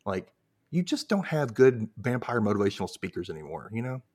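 Casting note: male podcast host, lively swinging intonation, jokey recap banter. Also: on the low side, a little fast, breathy edge. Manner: animated, jokey, acts out characters' lines. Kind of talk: casual recap chat.

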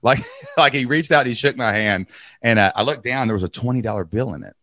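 A man, telling energetic stories in an interview and acting out quotes. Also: mid-range voice, fairly quick, no echo, studio quality. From Kentucky. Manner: energetic, repeats words, acts out quotes. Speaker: podcast host and guest. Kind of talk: animated storytelling interview.

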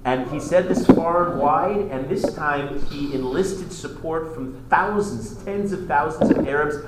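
A male history teacher lecturing a class, telling the story in an animated way with many restarts. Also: fairly high pitch, measured pace. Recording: echoey classroom with faint noise.

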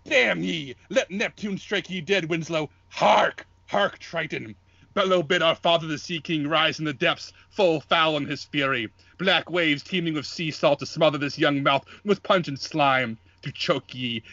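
A man's voice: a little high, bright, forceful tone, dry recording, full character voice. A man playing a grizzled old male lighthouse keeper who bellows a curse in archaic sailor talk, on dull lo-fi audio.

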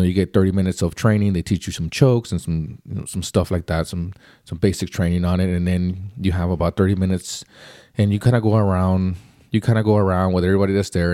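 A man's voice: sits low, mellow, dry recording, clean studio sound. A man giving a casual, rambling spoken book review, often repeating himself and restarting sentences.

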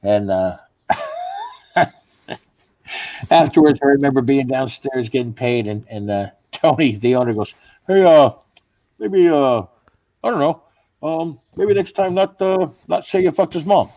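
A man, a stand-up comedian, telling profane, animated anecdotes in casual chat with fellow comics. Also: on the high side, a little slow, pauses often, no room sound. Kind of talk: casual storytelling among comics.

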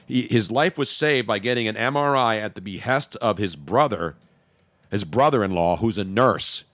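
A man hosting a radio talk show, joking and animated in casual banter. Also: fairly low pitch, moderate pace, no echo. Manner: animated, jokey, talks over co-host.

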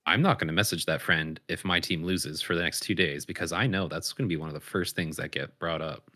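A man co-hosting a casual podcast, reacting briefly and then sharing his own take in a relaxed way. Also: low voice, brisk, no echo, studio quality. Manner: reactive listener, short responses then relaxed opinions. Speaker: podcast co-host. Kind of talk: casual chat.

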